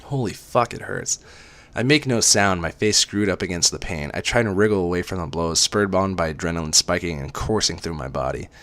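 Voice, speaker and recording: A man's voice: sits low, fairly quick, a bit bright. A man reading a romance story aloud as dramatic first-person narration. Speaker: reader.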